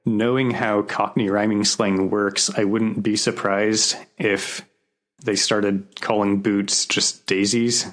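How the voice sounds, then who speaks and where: Slow, hesitant man co-hosting a podcast. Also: fairly low pitch, little pitch movement, a bit bright. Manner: unhurried, explains slang with hesitant fillers. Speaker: podcast co-host. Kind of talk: casual chat.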